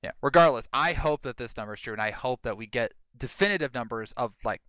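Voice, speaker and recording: A man hosting a podcast in casual chat, an animated storyteller who mimics people in high voices. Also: quick pace, no echo, dull audio. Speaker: podcast host.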